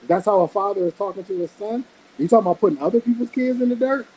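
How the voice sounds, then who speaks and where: Husky, blunt podcast panelist man. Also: high voice, very fast, dark tone, poor audio. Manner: blunt, emphatic, opinionated. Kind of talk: casual podcast debate.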